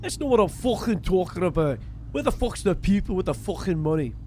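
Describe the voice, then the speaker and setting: A man's voice: high voice, fairly quick, slight background noise. A man voicing a drunk, lost, foul-mouthed British man who rambles and swears constantly in a game role-play. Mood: drunken rant.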